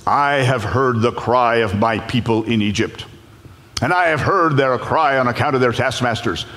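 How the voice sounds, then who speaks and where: A man voicing God speaking from a burning bush, slow, grave and commanding, in a sermon. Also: medium pitch, fairly bright tone, close to an everyday voice. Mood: solemn. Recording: long church reverb.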